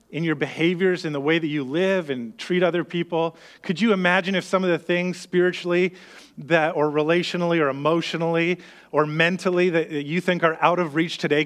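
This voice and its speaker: Earnest high-voiced male pastor preaching. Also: a bit bright. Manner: earnest, conversational, acts out worried inner voices. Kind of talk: sermon.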